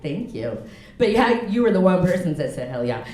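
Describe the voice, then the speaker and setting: Doing stand-up in a comedy club, this woman in her forties speaks frankly at a moderate pace in a voice on the low side, very animated. She laughs at her own jokes as the loud crowd laughs too, their sound echoing through the room.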